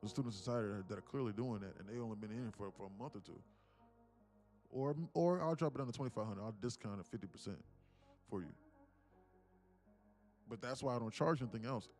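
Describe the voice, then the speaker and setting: A man's voice: mid-range voice, fairly quick, pauses often, darkish tone, faint music behind. Rambling male trading livestreamer. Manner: rambling, repeats words, talks to chat viewers. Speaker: day-trading livestream host. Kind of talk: casual live-stream chat.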